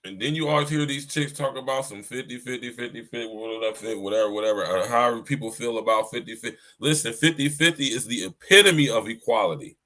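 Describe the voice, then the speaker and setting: A male podcast host lectures his livestream audience in a preachy, repetitive way, addressing them directly. His medium-pitched voice sounds pushed and bright, moving fairly quickly with hardly any pauses.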